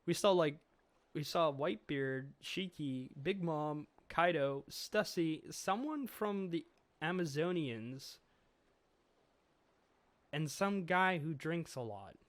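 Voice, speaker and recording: A man's voice: fairly high pitch, expressive, slow pace, dry recording. A man giving a chatty, rambling comic review, swearing casually as he thinks aloud.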